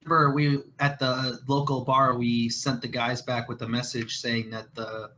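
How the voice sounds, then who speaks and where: A man playing in a tabletop game, thinking aloud in a quick, hesitant way. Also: medium pitch, little pitch movement, sharp tone. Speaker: player. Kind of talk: casual tabletop game play.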